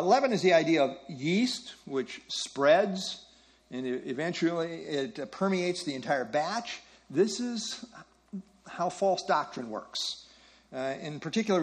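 A man leading a Bible study class, teaching earnestly and repeating key phrases for emphasis. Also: fairly high pitch.

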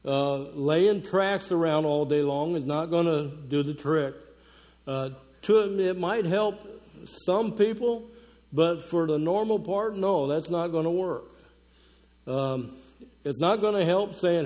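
A man's voice: on the high side, animated, slow, darkish tone. A man preaching to a women's conference in a folksy, conversational way, with fillers and small chuckles. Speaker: conference speaker. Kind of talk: conversational sermon.

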